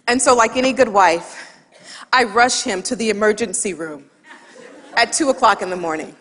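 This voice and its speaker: A woman giving a humorous storytelling talk on stage, lively and laughing at her own anecdote, into a headset or lapel mic. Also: a little high, fairly quick. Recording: long hall reverb from a stage talk.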